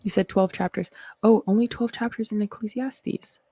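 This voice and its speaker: A woman's voice: mid-range voice, steady tone, moderate pace, dark tone, breathy edge, dry recording. A Canadian woman hosting a live stream, chatting casually with viewers in a rambling, reflective way before reading scripture aloud.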